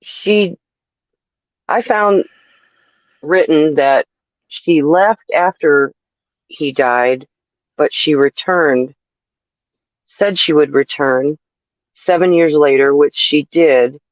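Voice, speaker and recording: A woman co-hosting a casual chat, speaking in a measured, careful way and correcting details with hesitant fillers. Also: low voice, no room sound. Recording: dull lo-fi sound.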